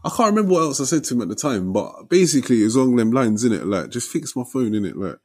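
A young man tells a story in casual chat. His voice is husky and mid-pitched. He talks in lively, slangy bursts and tags his lines with "innit". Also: fast.

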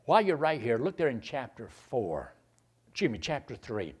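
An older man preaching a sermon, climbing to loud emphatic peaks and then dropping low and quiet. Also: very animated, normal speed, husky.

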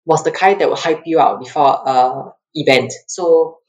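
A Singaporean track athlete, guesting on a casual interview, tells stories at normal speed. She's animated and laughs a lot, her pitch jumping up when she acts out quotes. The recording quality is low.

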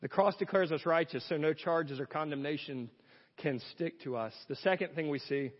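A man's voice: on the high side, normal speed, big-room sound, highs cut off. A pastor delivering an earnest sermon, asking rhetorical questions as he preaches.

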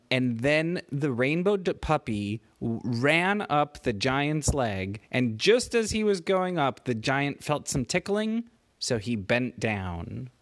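A man improvising a bedtime story for a child, animated and stopping to ask the child questions. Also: mid-range voice, slow pace. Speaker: parent telling a bedtime story.

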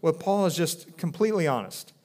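A pastor in his thirties delivers a sermon from the pulpit, his voice a little high for a man, expressive and fairly quick. He speaks earnestly and conversationally, often restarting phrases and going softer when voicing quoted speech.

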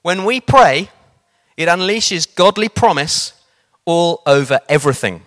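A male preacher giving a sermon, telling a story in an animated way and slowing down or speeding up for emphasis. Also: fairly high pitch. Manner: animated, varies pace for emphasis.

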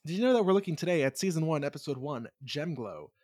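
Jokey, profane podcast co-host. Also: male voice, a little high, expressive, fast, darkish tone, dry recording, studio quality. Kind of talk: casual podcast chat.

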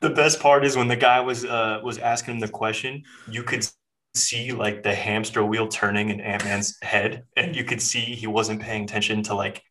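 A man's voice: on the low side, steady tone, normal speed, fairly bright tone, slight background noise, rough recording. A man co-hosting a podcast, chatting casually about sports in a laid-back, loose way. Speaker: podcast co-host.

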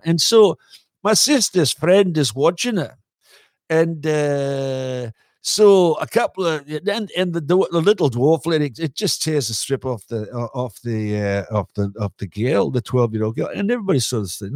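A man's voice: a little high, animated, moderate pace, darkish tone, no echo, clean studio sound. A man, a podcast host, telling a long, rambling story in a casual pub chat, full of fillers and swearing.

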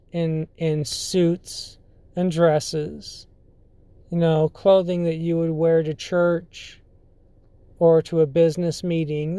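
A podcast host spins a story in an unhurried, halting way, leaning on fillers and restarting sentences. The tone is mellow and dark. The sound is dry and close, with no room around it. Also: medium pitch, dry recording. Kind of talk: casual storytelling.

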